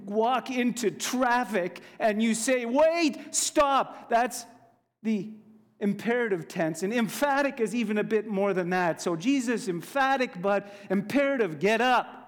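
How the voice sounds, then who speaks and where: High-voiced man preaching slowly in a hall. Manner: slow, emphatic preaching with casual asides. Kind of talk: sermon.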